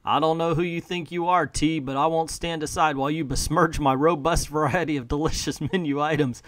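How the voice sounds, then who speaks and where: A man's voice: fairly high pitch, fairly even intonation, a little fast, fairly bright tone, slight background noise, lightly acted. A man voicing a folksy old Southern chicken colonel with a put-on Southern US accent, in a salesman's manner.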